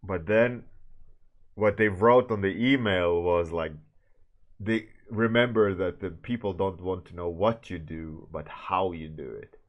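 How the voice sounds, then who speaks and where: A streaming artist with a deep voice chats casually with his livestream viewers while he draws, greeting them by name. He talks at a measured pace and trails off mid-sentence, and the recording sounds muffled.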